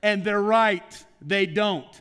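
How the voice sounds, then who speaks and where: High-voiced man preaching in reverberant hall. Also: fairly bright tone, clean tone. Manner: rapid rhetorical questions, direct to congregation. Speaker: pastor. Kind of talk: conversational sermon. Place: church sanctuary. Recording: long reverb from a church hall.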